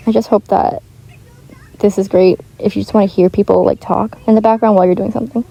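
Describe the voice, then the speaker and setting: A teenage girl talks in a loose, rambling chat, filling her sentences with "like" and stopping to restart them. Her voice is soft and warm, sitting in a middle register. She speaks through a home microphone that is not high-end. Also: steady tone, fast talker, vocal fry, rough recording. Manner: chatty, rambling, heavy use of "like". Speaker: gaming vlogger.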